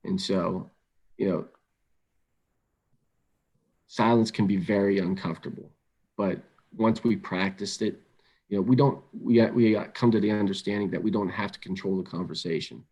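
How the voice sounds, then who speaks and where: Low-voiced calm male webinar presenter. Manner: calm, measured, repeats words as he thinks aloud. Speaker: webinar presenter on crisis intervention. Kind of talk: instructional webinar talk.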